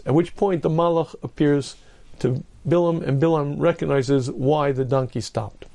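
A man giving a storytelling sermon as a rabbi, narrating vividly and clearing his throat often. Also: a little high, fairly even intonation, normal speed, dark tone.

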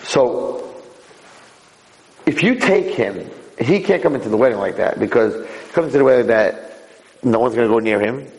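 Male rabbi, Torah lecture, animated with sudden high leaps, gravelly tone, roomy hall sound. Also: moderate pace, pauses often. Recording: echoey hall.

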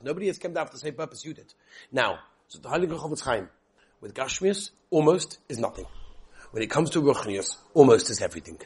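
A man giving a lively Torah lesson, telling stories and addressing his listeners directly. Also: on the high side, breathy edge. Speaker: Torah teacher.

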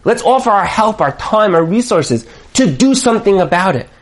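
A man teaching a lively Torah class, repeating his points for emphasis and sprinkling in Hebrew and Yiddish words. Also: high-pitched, moderate pace. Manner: lively, acts out quoted voices, emphatic repetition. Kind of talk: animated Torah class lecture.

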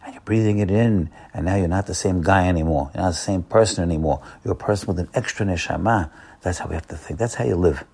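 A man's voice: low-pitched, fast talker, gravelly, a little mellow, slightly rough. A man giving an earnest, repetitive Torah sermon as a rabbi, coaxing his listeners and sprinkling in Hebrew terms.

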